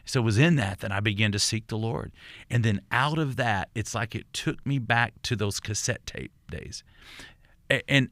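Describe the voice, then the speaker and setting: Earnest older Texan pastor, dry close sound. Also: male voice, fairly low pitch, fairly bright tone, dry recording. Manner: earnest, reflective, with many restarts and repeated words. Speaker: pastor, podcast guest. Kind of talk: conversational storytelling.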